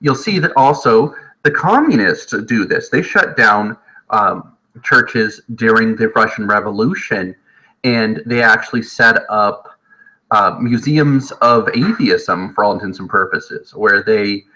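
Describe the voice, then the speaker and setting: Bright-voiced man giving a lively history lesson. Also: fairly low pitch, poor audio. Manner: lively, jokey, acts out quick voices of historical people. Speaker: history teacher. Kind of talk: casual recorded lecture. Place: home.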